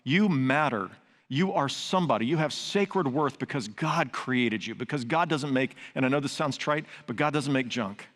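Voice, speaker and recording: A man's voice: medium pitch, expressive, normal speed, fairly bright tone. An older man preaching a sermon, earnest and conversational, mixing teaching with personal stories. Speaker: pastor. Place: large church sanctuary. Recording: long reverb of a large sanctuary.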